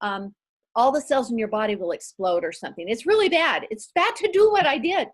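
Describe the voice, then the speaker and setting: Animated middle-aged woman telling stories. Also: fairly high pitch, brisk. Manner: animated and self-deprecating, with dramatic retellings. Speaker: guest author. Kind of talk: casual storytelling interview.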